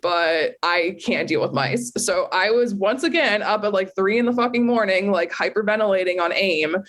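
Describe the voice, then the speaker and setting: A woman guest on a podcast telling a personal story in an animated, casual way, swearing freely and laughing at herself. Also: medium pitch, moderate pace.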